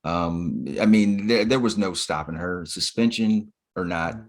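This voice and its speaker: A man's voice: low-pitched, a little slow. A man co-hosting a podcast, recapping in laid-back, profane casual chat with plenty of fillers. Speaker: podcast co-host.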